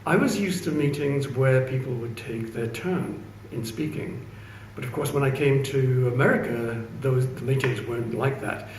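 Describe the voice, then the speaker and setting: Wry reserved Englishman, echoey and distant. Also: mid-range voice. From England. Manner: measured, wry, reserved storytelling. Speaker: speaker. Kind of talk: anecdotal opening speech. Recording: echoey room from a distance, faint hum.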